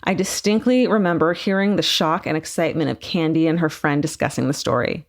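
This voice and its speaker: Woman co-host, slightly low voice, animated casual reader of listener mail. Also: a little fast. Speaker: podcast co-host. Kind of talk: casual podcast chat, reading a listener email.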